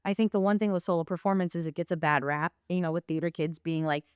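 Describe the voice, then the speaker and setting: A woman guest on a podcast, casually telling a personal story in a lively, animated way. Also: fairly low pitch, fast talker, smooth, dry recording, studio quality. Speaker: podcast guest, playwright and performer.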